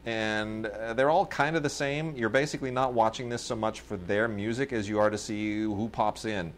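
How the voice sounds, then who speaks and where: A man's voice: on the low side, steady tone, moderate pace, a little hiss or hum. A man co-hosting a podcast, chatting casually about video releases in a rambling way, with lots of fillers and restarts. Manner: rambling storyteller, many fillers, mimics people in quoted bits. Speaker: podcast co-host. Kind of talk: casual chat reviewing home video releases.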